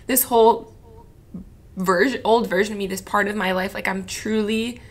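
A woman's voice: medium pitch, fairly even intonation, normal speed. A woman in her twenties from Florida, a podcast guest in a candid chat, rambling and emotional with lots of "like". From Florida, USA. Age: 20s. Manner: rambling and emotional, heavy use of "like".

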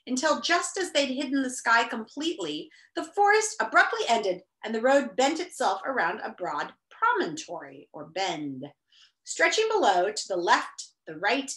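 A woman teacher reading a novel aloud to students, expressive, with chatty asides. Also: on the high side. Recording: roomy echo.

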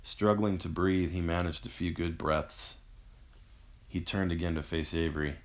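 A man narrating his own novel in a measured, somber audiobook reading. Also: sits low, fairly even intonation. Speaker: author and narrator.

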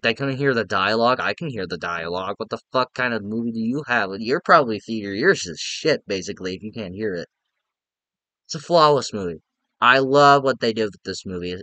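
A young man casually ranking movies, excitable and profane, rambling with restarts. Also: mid-range voice, no room sound. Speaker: movie reviewer.

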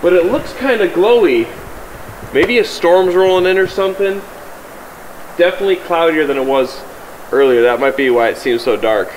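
Outdoors in the winter woods, a man talks casually to the camera like an outdoor vlogger, a little out of breath as he rambles, chats and corrects himself. His voice sits on the high side and is expressive, at a moderate pace. The recording is low quality, with a little hiss or hum.

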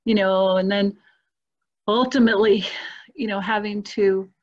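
A woman's voice: medium pitch, steady tone, unhurried, a little mellow, dull audio. A woman telling a personal spiritual story in a casual, earnest and emotional way, as a guest on a video call.

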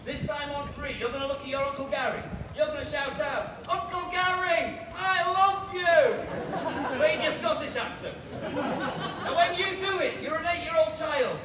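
A man performing a crowd-work street show outdoors, loudly bossing and teasing his volunteers. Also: extremely high pitch, moderate pace, background noise. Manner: loud, bossy and teasing with volunteers. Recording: distant echoey outdoor sound with loud crowd.

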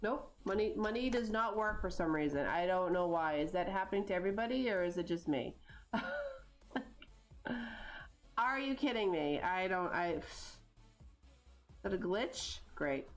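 A woman's voice: lowish voice, animated, moderate pace, pauses often, faint music behind. A woman streaming a life-simulation game, rambling in casual commentary and talking exasperatedly to her chat.

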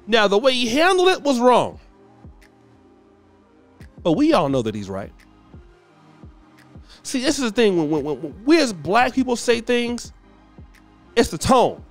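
A man's voice: high voice, huge pitch swings, measured pace, long pauses, faint music behind. A man hosting a commentary show, talking emphatically and repeating words as he makes his point. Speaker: commentary host. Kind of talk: casual commentary.

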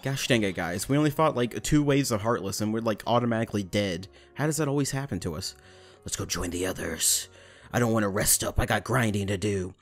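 A man's voice: lowish voice, brisk, faint music behind. A man giving rambling, profane, jokey commentary while playing a game. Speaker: gamer. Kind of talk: let's play commentary.

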